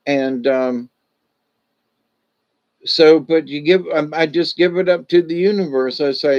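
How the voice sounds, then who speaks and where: A man's voice: fairly high pitch, measured pace, pauses often, highs cut off. Folksy rambling man on a livestream. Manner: rambling, repetitive, folksy, lots of "you know". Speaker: livestream host. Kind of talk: casual rambling livestream chat.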